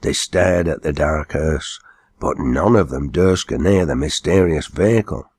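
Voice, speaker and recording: A man narrating an old dialect story, reading it aloud in a steady storytelling way. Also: a bass voice, a little slow, breathy edge, no echo, studio quality.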